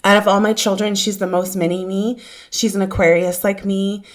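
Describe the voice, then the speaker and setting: A woman in her thirties talks at a middling pitch as a podcast host in relaxed conversation. She tells stories with animation and laughs often. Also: moderate pace. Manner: warm storytelling, laughs often. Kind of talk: casual conversational chat.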